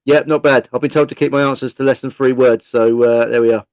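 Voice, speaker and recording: A man's voice: medium pitch, steady tone, quick pace, a little mellow, no echo. A man co-hosting a casual football podcast, cracking self-deprecating jokes and stammering over repeated words. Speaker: podcast co-host. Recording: dry close sound.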